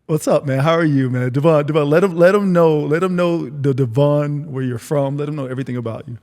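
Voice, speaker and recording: A man hosting a casual interview podcast, relaxed and chatty, often repeating his words as he asks follow-up questions. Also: on the high side, brisk. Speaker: podcast host. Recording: long reverb.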